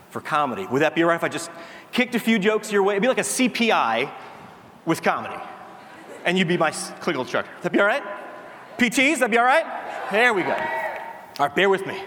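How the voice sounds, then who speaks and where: A man's voice: fairly high pitch, a bit bright. A man hosting a live keynote, telling self-deprecating jokes and a little out of breath. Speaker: host. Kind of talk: live stage comedy bit. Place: large conference hall. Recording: echoey hall with faint noise.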